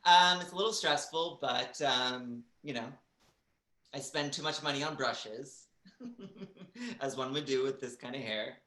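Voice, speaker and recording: A stand-up comedian with a bright, forceful tone works through a set in a halting way, full of ums and little giggles. The voice rings out in a roomy small theater. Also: medium pitch, animated. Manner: halting, filler-heavy delivery with giggles.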